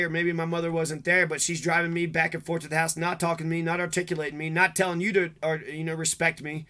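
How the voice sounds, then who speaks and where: A man's voice: fairly high pitch, bright, forceful tone. A man delivering a rambling, bitter, profane monologue to the camera. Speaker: vlogger.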